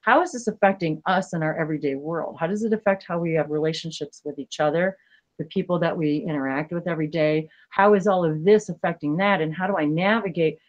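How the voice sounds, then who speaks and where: A woman hosting a spiritual livestream, talking casually in an earnest, emotional way, rambling with many halting restarts. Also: deep voice, highs cut off.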